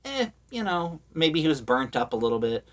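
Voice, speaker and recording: A man's voice: on the high side, big pitch swings, normal speed. A man talking casually about horror movies, rambling with lots of fillers and sarcastic asides. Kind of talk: casual opinionated commentary.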